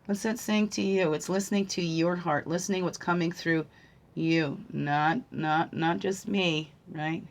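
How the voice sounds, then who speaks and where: A woman offering a spiritual card reading on a livestream, speaking softly and thoughtfully. She often pauses to ask "right?" Her voice rises to forceful preaching at the points she stresses most. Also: on the low side, steady tone. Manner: soft-spoken, musing, often asking "right?"; swings from hushed to emphatic when preaching. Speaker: spiritual guide and card reader.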